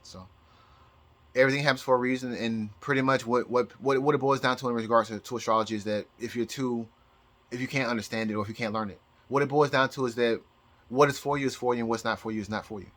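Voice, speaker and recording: A man talking to his channel in a rambling personal monologue, halting and full of restarts, close to tears. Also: medium pitch, steady tone, fairly bright tone. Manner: halting, with many repeated words and restarts. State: emotional, near tears. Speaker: astrology YouTuber.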